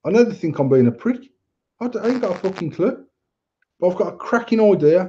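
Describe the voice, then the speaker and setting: A man's voice: sits high, animated, quick pace, warm tone. A man co-hosting a podcast, ranting bluntly in casual chat and swearing a lot. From England. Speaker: podcast co-host. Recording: dull lo-fi sound.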